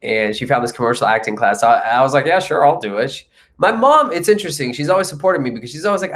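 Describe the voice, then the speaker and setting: A man's voice: medium pitch, lively intonation, fast talker, a bit bright. A young man from India, a comedian and actor, telling his life story in a casual interview and acting out the people he quotes.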